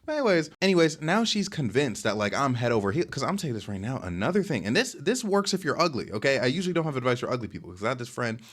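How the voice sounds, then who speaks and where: A man's voice: medium pitch, sing-song, racing, hardly any pauses, a bit bright. A young man rambling through a casual storytime about his dating life, slangy and boastful, talking into a webcam setup at home. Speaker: streamer telling a dating story.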